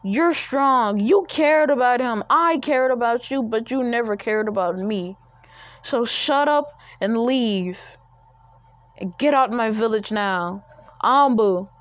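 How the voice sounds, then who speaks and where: A woman voicing a bitter, vengeful young male ninja who shouts in a raised, strained voice. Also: on the low side, flat delivery, measured pace, no room sound, lightly acted. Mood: furious. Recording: dull lo-fi recording.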